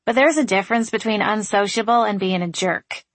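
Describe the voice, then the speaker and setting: A woman voicing a sarcastic, stubborn young woman who talks in a sharp, sardonic way. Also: medium pitch, dry recording, close to an everyday voice. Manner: sharp, sardonic, quick to snap.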